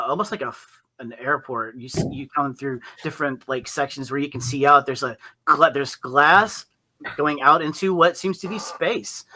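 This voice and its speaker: Bright-voiced man as game master. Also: fairly high pitch, poor audio. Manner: rambling, with many fillers and restarts. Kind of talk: narrating a tabletop game.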